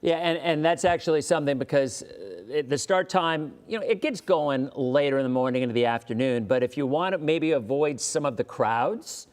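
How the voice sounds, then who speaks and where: A man's voice: fairly high pitch, animated, a little fast, hardly any pauses. A man with an American accent hosting a casual interview show, a weather presenter who rambles, restarts and tells stories with chuckles.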